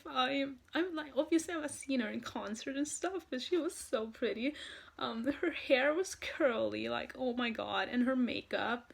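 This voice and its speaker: Gushing woman, slightly high and gravelly. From Norway. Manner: gushing, excitable, heavy use of "like" and "um". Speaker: vlogger. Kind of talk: personal storytime vlog.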